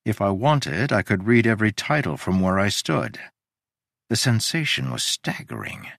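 A man narrating a story in a measured, descriptive way. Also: on the low side, lively intonation, vocal fry, a bit bright, no echo, clean studio sound.

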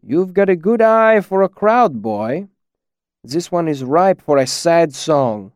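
A man's voice: on the high side, animated, slow, no echo, clean studio sound, pitched above the performer's own voice. A man doing a hearty, genial innkeeper. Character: genial hearty male innkeeper, middle-aged.

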